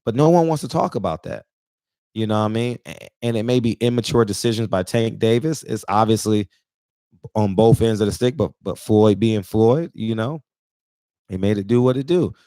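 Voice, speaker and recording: A man's voice: on the low side, normal speed, warm tone, dry recording. Man in his forties, emphatic and repetitive, choked with emotion, dead dry sound. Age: 40s. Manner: emphatic, preachy, repeats himself. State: near tears, emotional. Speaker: barbershop talk show regular. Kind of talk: impassioned casual monologue.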